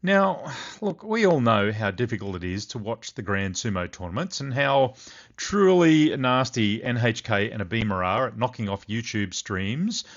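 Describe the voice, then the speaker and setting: Animated male podcast host, lo-fi sound. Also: mid-range voice, moderate pace. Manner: chatty, wry asides. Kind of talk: solo podcast commentary.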